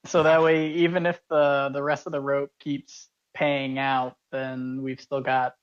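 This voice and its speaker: A man playing in a tabletop game, calmly talking through his character's actions step by step. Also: medium pitch, a little slow, lo-fi sound. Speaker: player. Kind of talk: casual game talk.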